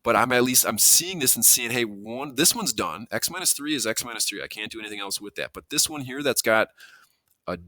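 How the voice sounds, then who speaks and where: A man with a mid-range, expressive voice walks a class through a math lesson, explaining the steps conversationally while thinking aloud and correcting himself. He talks fairly quickly, and his voice sounds pushed and bright, with no room sound.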